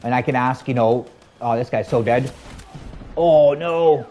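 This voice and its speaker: A man's voice: medium pitch, level tone, brisk, a little mellow, slight background noise. A man chatting casually with his live-stream viewers while he plays a shooter game, rambling in a friendly way from topic to topic. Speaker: gaming streamer.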